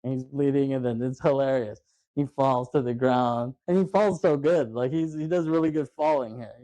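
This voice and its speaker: A podcast host on a movie show chats loosely, laughing often as he retells scenes and acts out the characters' lines. His mellow, dark voice has medium pitch and a moderate pace, recorded close and dry with no echo or room sound.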